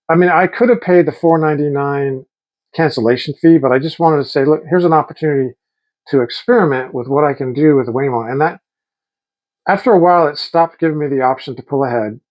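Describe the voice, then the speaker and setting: A man's voice: medium pitch, darkish tone, rough recording. Chatty middle-aged man vlogging. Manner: rambling, enthusiastic, quotes people in voices. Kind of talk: casual vlog storytelling.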